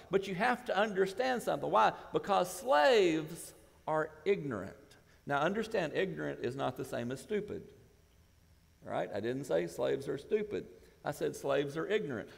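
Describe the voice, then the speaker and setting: A male pastor, possibly, preaching a sermon that builds to shouted emphasis. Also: a little high, gravelly. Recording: church hall with long reverb.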